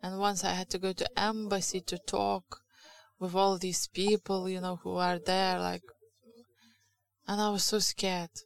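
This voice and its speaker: Gravelly low-voiced woman preacher. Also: little pitch movement, low-quality recording. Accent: Lithuanian. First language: Lithuanian. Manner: candid, confessional, halting with restarts. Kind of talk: sermon.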